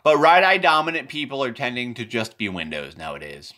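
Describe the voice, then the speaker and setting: A man rambling through an unscripted explanation of his drawings, repeating and correcting himself as he goes, often sinking low and quiet at the ends of phrases. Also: huge pitch swings, fairly quick. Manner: meandering, repetitive, self-correcting.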